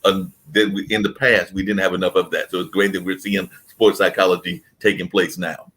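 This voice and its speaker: A man hosting a panel, asking questions briskly. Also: low-pitched, flat delivery, fairly bright tone, husky, poor audio. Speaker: host, moderator. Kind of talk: casual panel moderation.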